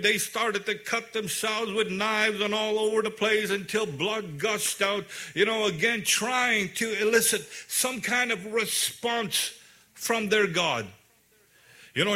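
A male preacher with a high, bright voice. He retells a scripture story in loose, conversational words, full of fillers and restarts. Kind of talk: sermon.

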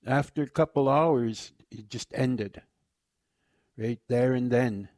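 A man telling his personal faith testimony in a halting, repetitive way, often trailing off quietly. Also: medium pitch, no echo. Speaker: former inmate sharing his faith testimony.

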